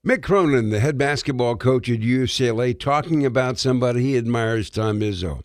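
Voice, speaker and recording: A man's voice: medium pitch, a little fast, dry recording, studio quality. A man co-hosting a sports radio show, speaking earnestly about coaches. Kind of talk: sports talk commentary.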